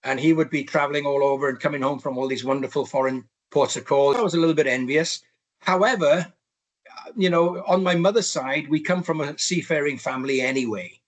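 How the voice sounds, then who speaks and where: A man's voice: fairly high pitch, brisk. A Welsh man in his sixties, a podcast guest telling his life story in a rambling way, full of restarts and asides. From Wales. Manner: rambling, many restarts and "you know".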